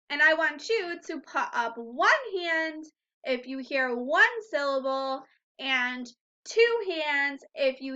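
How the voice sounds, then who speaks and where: Slow, bright-voiced woman teaching phonics. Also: high-pitched, muffled recording. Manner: slow, clear, encouraging teacher talk with drawn-out sounds. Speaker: first grade teacher. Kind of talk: phonics lesson for young children.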